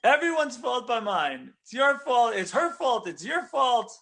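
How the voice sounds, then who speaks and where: A man playing a defensive first man who shifts the blame, in a high, whiny, halting voice. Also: sing-song, vocal fry, fairly bright tone, heavily acted.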